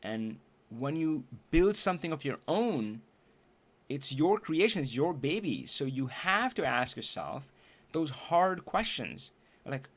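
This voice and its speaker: A man talks to his livestream audience in an earnest, searching way. His voice is growing hoarse, and he keeps restarting sentences and breaking into quick laughs as he thinks aloud. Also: fairly high pitch, sing-song. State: losing his voice. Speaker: livestream trainer and host. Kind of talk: casual livestream talk to viewers. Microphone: streaming setup.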